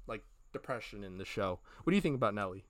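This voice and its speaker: A man's voice: on the low side, expressive, fast talker, dry recording. A man cohosting a podcast, retelling scenes in a casual, rambling way with many fillers and quoted lines. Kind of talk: casual review chat.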